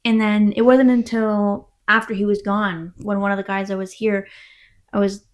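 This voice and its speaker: A woman, speaking at an ordinary middle pitch, tells her story frankly as an interview guest. She acts out the quoted exchanges and swears casually along the way. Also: level tone, moderate pace.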